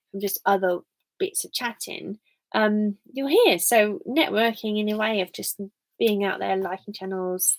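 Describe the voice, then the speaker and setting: A young English woman live streaming, chatting casually and rambling to her viewers. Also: medium pitch. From England. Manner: rambling and chatty, full of fillers.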